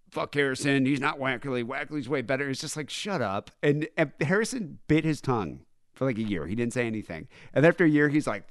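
Man, podcast host, casual chat, lively pitch, rambling, profane. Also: clean tone, dry recording.

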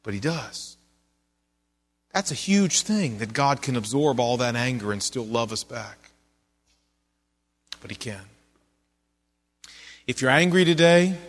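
A male pastor preaching a sermon in a church, earnest and conversational, sometimes dropping to soft, low passages. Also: animated, measured pace, long pauses.

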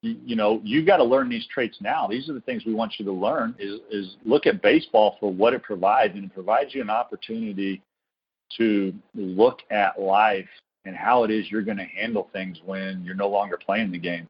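A man's voice: lowish voice, moderate pace, slightly rough. A man who coaches college baseball, telling stories and explaining his program in an earnest, reflective podcast interview, often restarting his phrases. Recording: dull lo-fi recording.

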